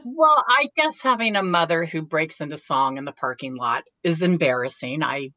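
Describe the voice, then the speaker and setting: A middle-aged woman with a very low voice tells chatty stories as an interview guest and laughs often between them. The sound is dry and close, with no room echo. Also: animated, normal speed, bright, forceful tone. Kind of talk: casual interview chat.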